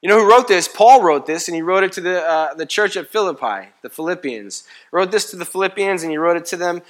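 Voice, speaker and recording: A man preaching a sermon as pastor, telling stories in a playful, animated way. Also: sits high, a little fast. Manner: animated storytelling, playful and comic. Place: church.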